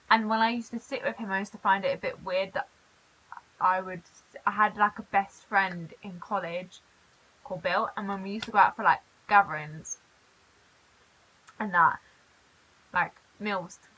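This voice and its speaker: Bright-voiced young British woman chatting. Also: medium pitch, poor audio. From Britain. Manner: chatty, reads aloud and reacts with quick asides. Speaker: reaction vlogger. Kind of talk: casual reaction commentary.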